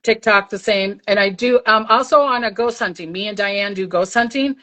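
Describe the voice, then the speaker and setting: A woman's voice: mid-range voice, moderate pace, fairly bright tone, rough recording. An older woman, a psychic medium, chatting casually on a livestream and telling a story, acting out the voices she heard.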